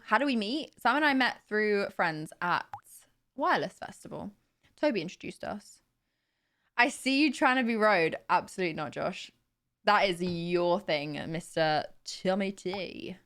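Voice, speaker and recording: A woman's voice: mid-range voice, a little slow, a bit bright. A young woman streamer in casual live-stream chat, laughing often and reading out chat messages.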